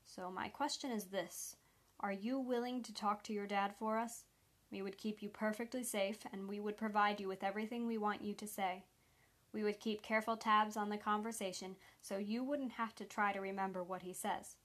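A woman reading the lines of a calm, gentle male federal agent who speaks persuasively. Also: mid-range voice, moderate pace, lightly acted.

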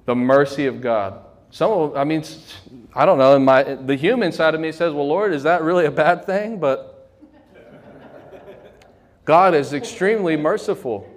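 Man preaching a fervent sermon, higher voice. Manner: fervent preaching, slows down to stress key lines. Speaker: pastor.

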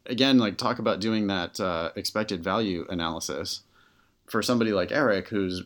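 Deep-voiced man chatting candidly on a podcast. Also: moderate pace. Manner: candid, animated storytelling with filler words. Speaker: podcast co-host and test-prep tutor. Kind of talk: casual podcast conversation.

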